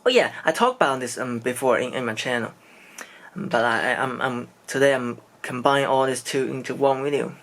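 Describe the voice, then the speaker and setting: A man's voice: medium pitch, a little fast, fairly bright tone. A man from China, speaking English and telling a personal story in a casual vlog, hesitant and searching for words. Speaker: vlogger.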